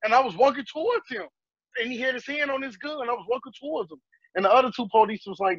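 A man with a husky, higher-than-usual voice recounts a tense encounter in a casual group talk. He acts out the exchange with rising heat. The sound is dry and somewhat dull. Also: quick pace, dry recording. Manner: animated storytelling, reenacting a heated exchange. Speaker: panel guest.

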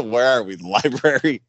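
A wrestler appearing as a guest tells stories in a casual chat, animatedly acting out quotes and laughing often. His voice is medium in pitch, with no room sound.

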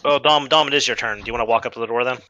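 A man acting as game master, narrating an online tabletop game in a lively way with quick restarts. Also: medium pitch, no echo, highs cut off.

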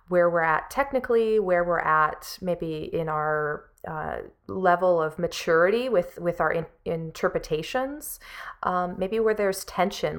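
Encouraging woman music teacher, low-pitched. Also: a bit bright. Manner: earnest, encouraging, with frequent fillers. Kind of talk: spoken practice lesson to camera.

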